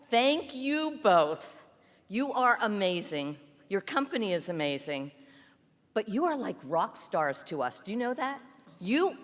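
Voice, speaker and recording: Bright-voiced woman accepting an award. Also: mid-range voice. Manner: tearful, gushing, emotional thanks. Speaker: award recipient. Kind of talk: acceptance speech. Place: hotel ballroom with audience. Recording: hall reverb with faint crowd.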